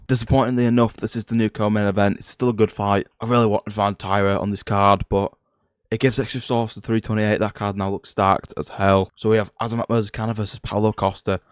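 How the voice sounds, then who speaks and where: A young man runs through fight predictions in a rapid, excitable patter, blunt and profane, tossing out rhetorical questions. His voice sits low. The sound is dry and close, with no room echo. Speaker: MMA prediction YouTuber. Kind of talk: casual fight predictions vlog.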